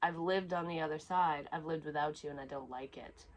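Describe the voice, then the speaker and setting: A woman's voice: low-pitched, a little fast, low-quality recording. A woman giving a psychic reading to her viewers in a casual, rambling flow, candid and full of swearing. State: close to tears at times. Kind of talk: casual intuitive reading to camera.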